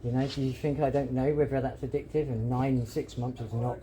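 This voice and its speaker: A man, mid-pitched, arguing and pleading with a lot of swearing. He talks over others in a heated, real-life exchange. The recording is noisy and full of hiss. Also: flat delivery, a little fast, warm tone. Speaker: patient. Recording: noisy handheld audio log.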